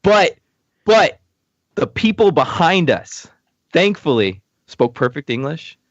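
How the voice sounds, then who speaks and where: A man's voice: on the high side, big pitch swings, a little slow, no room sound, dull audio. A man from Texas, a podcast guest, telling a long casual story with lots of "like" fillers and frequent chuckles. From Texas, USA. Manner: rambling, many "like" fillers, chuckles often.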